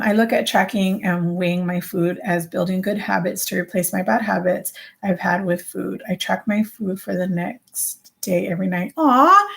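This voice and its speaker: Woman vlogger, low gravelly voice, rambling casual chat, lots of ums. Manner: rambling, chatty, with many fillers and self-corrections.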